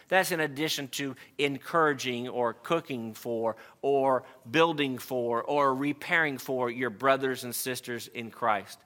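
A man's voice: medium pitch, bright, forceful tone. A man preaching an earnest sermon to a congregation, reading scripture aloud and stressing key words. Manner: earnest, reads scripture aloud, emphatic asides.

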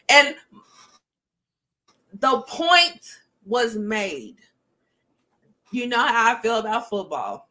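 A woman's voice: on the high side, big pitch swings, drawn-out words, long pauses, sharp tone. A woman hosting a casual podcast, speaking frankly with many ums and frequent laughter. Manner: chatty, frank, laughs often, filler ums. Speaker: podcast host. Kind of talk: casual chat.

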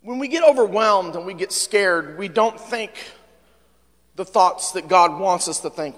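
A man preaching a sermon as pastor, in an animated style that swings from hushed to loud. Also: high voice, measured pace, long reverb tail. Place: church sanctuary.

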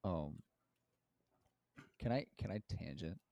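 A man co-hosting a podcast in casual chat, playful and quick to laugh. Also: sits low, lively intonation, gravelly, a little mellow, dry recording, clean studio sound. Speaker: podcast co-host.

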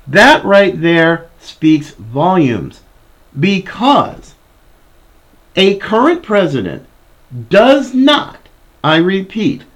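A man with a high voice that swings widely in pitch hosts a political commentary show. He reads a news article aloud and keeps breaking off to protest with indignation. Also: very animated, takes it slowly, fairly bright tone. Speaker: podcast host.

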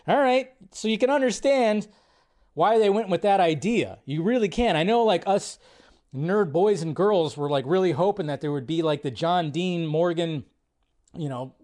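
A male host reacts aloud while he watches, excitable and loose, swearing as he goes. His voice sits a little higher than most men's. It is relaxed, casual live-stream chat. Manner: excitable, swears freely, chatty asides.

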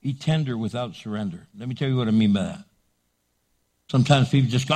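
A middle-aged man preaching a sermon as pastor, loud and animated, acting out little voices to make his points. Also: medium pitch, fairly quick, pauses often.

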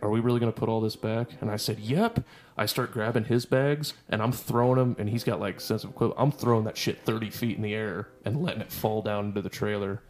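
Man, low voice, podcast guest, profane, heated, ranting storyteller. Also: a little mellow. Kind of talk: casual storytelling.

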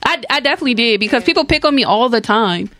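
A woman's voice: on the high side, animated, racing, a bit bright, dry recording. A young woman from Maryland talks in a casual podcast chat, recorded dry and close. She tells stories with a playful, emphatic manner. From Maryland, USA.

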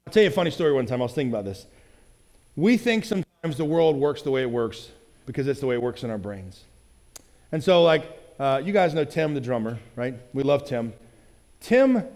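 Guy pastor talking it out to his church, lots of "right?", kinda high voice, big reverb. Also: a little mellow. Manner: conversational, often asking "right?"; acts out quoted lines in other voices. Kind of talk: sermon.

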